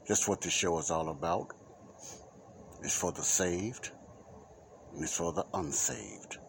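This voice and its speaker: Slow, deep-voiced man hosting a Christian podcast. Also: a little hiss or hum. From United States. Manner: rambling, repetitive, informal preacherly delivery. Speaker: podcast host. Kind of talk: Christian talk podcast monologue. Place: Chicago area.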